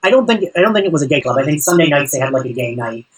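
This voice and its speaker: A podcast host telling stories in relaxed, casual chat, full of fillers. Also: medium pitch, rapid-fire, distant mic, slight background noise, rough recording. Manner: relaxed storytelling, filler-heavy.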